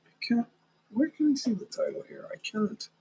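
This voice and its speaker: Gravelly husky dude rambling on his live stream, chatting with viewers, laughs a lot. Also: sits high, very animated, moderate pace, darkish tone, rough recording. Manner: rambling, talks to viewers, chuckles often. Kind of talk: casual live-stream chat.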